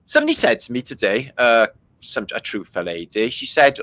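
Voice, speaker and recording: A man's voice: mid-range voice, sing-song, moderate pace, a bit bright, no echo, poor audio. A man hosting a livestream, making sarcastic jokes and slipping into silly voices. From Britain. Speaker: livestream host. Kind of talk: casual mocking commentary.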